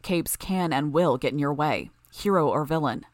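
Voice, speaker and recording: Audiobook: level-headed young male lead, read by a woman, calm and low. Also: normal speed, no room sound, studio quality, close to an everyday voice. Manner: calm, even. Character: calm steady young male team spokesman.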